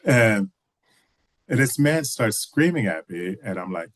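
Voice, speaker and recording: A man's voice: on the low side, sing-song, unhurried, no echo. A man, a filmmaker guest from Texas, telling stories in a casual video call interview with many restarts and "you know"s.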